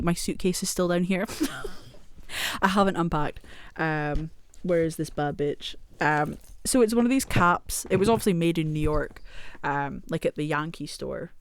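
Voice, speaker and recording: A young British woman talks into her camera at home in a loose, rambling vlog, cursing casually and poking fun at herself. Her voice sits a little low for a woman. The sound is close and dry, with almost no room echo. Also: clean tone. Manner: rambling and self-deprecating, swears often, laughs a lot. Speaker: vlogger.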